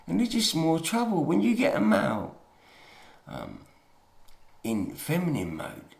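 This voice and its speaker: A man's voice: fairly high pitch, huge pitch swings, unhurried, gravelly, darkish tone, roomy sound. A man giving a rambling, emphatic monologue full of swearing and chatty asides. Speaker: video lecturer.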